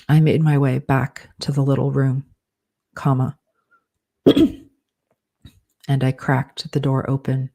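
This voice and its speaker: Man slowly dictating with punctuation aloud. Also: medium pitch, gravelly. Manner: slow, even dictation that speaks every comma and period aloud. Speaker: author dictating a novel.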